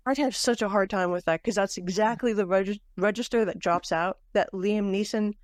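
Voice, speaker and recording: A woman's voice: mid-range voice, moderate pace, dry recording, clean studio sound. A woman co-hosting a podcast, chatting casually about a book with fillers and restarts. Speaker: podcast co-host. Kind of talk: casual book club chat.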